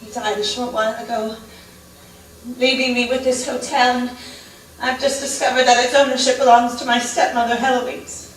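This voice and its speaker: A woman's voice: on the high side, flat delivery, normal speed, close to an everyday voice. Woman playing a stammering, flustered young heiress. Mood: sorrowful. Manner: stammering, nervous, repeats words. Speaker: stage actress. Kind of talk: live stage musical dialogue. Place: theater stage. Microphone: far room mic. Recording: echoey stage from far off, faint hiss.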